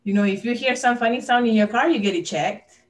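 A woman's voice: on the high side, a little fast, distant mic, poor audio. A woman talking candidly and earnestly as a podcast guest, open about her personal struggles.

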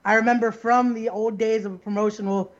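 A man's voice: sits high, flat delivery, brisk, dull audio. A man co-hosting a wrestling podcast, speaking in a reflective, heartfelt way. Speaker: podcast co-host. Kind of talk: casual podcast chat.

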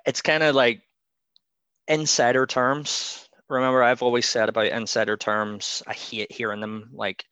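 A man's voice: mid-range voice, flat delivery, moderate pace, bright, forceful tone, clear, resonant tone, dry recording. A man co-hosting a podcast, chatting casually with a rambling, opinionated manner and frequent laughs. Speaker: podcast co-host. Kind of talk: casual chat.

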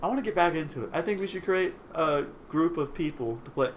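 A man's voice: fairly high pitch, animated, fast talker, slight background noise. A young man co-hosting a casual podcast, joking and laughing, saying "dude" a lot, recorded in a small apartment on a desk microphone set a few feet away. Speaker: podcast co-host. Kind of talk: casual chat. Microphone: one shared desk mic about three feet away.

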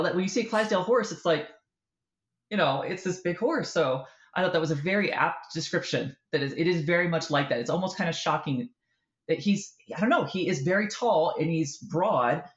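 Animated woman telling a story, roomy sound. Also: fairly low pitch, brisk, muffled recording. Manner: animated storyteller, acts out quoted voices. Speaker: author guest. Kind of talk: casual interview chat.

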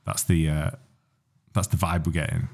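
A man's voice: deep voice, flat delivery, moderate pace, a little mellow. A young man co-hosting a podcast, chatting in a teasing, storytelling way. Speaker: podcast co-host. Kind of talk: casual chat.

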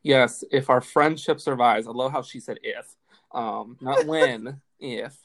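Dry, teasing young woman with vocal fry. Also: rumbling low, a little slow. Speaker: podcast co-host. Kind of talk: casual chat.

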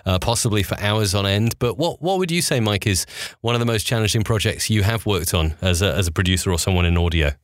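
A man with a fairly low voice puts questions to his guest at a quick clip. His delivery is brisk and direct. The recording is dry and close. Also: no room sound. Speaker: interviewer. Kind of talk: interview question.

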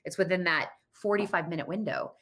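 Woman, thirties, lower voice, personal storytelling, acts out dialogue. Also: a little fast, fairly bright tone.

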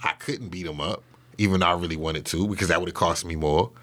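A man being interviewed talks briskly in a low, fairly bright voice. He tells his story in a loose, casual way, cursing and leaning on fillers and restarts.

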